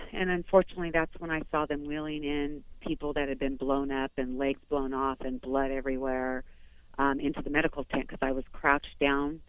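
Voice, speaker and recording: A woman from Southern California calls in and gives her account in a rush, doubling back and restarting her sentences. Her voice comes through a thin, tinny phone line. There is no room sound at all, just a flat, close signal. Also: sits low, no room sound. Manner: rambling, breathless retelling with many restarts. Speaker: phone-in guest. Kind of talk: emotional first-person account. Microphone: telephone.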